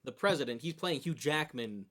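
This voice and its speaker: A man's voice: medium pitch, lively intonation, normal speed, fairly bright tone. Man riffing in casual podcast chat. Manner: rambling, riffing on a made-up movie plot. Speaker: podcast co-host.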